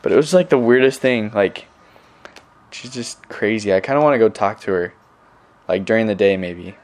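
A man's voice: lowish voice, normal speed, a little mellow. A young man, a missionary, telling stories in a casual recorded message to his family, rambling with many fillers. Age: young adult.

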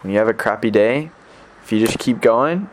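A man's voice: on the low side, animated, moderate pace, a little hiss or hum. A young adult man telling a story casually to the camera as a missionary, rambling and filling gaps with "like.". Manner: rambling, filler-heavy, lots of "like".

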